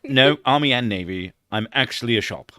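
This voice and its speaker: A man's voice: mid-range voice, expressive, fairly quick, bright, forceful tone, no room sound, clean studio sound. A man voicing a pompous male naval captain who speaks with a British accent.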